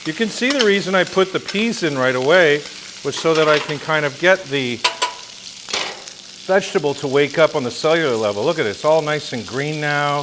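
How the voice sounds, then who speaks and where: Chatty chef over a sizzling pan. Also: male voice, medium pitch. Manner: chatty, joking, lively asides. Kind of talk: cooking demonstration. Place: kitchen, cooking at the stove. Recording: sizzle and kitchen noise.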